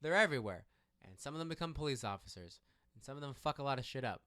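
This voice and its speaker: Animated bright-voiced man chatting. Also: medium pitch, fast. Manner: animated, restarts sentences often. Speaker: podcast co-host. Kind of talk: casual political chat.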